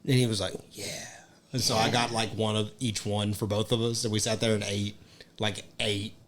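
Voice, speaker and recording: A man's voice: on the low side, little pitch movement, a little fast. A young man chatting as a podcast co-host, telling stories in a laid-back, profane way. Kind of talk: casual chat.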